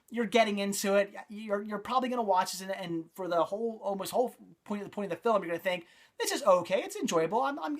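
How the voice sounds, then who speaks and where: A man's voice: sits high, a bit bright. Enthusiastic rambling male movie reviewer. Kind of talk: casual video review.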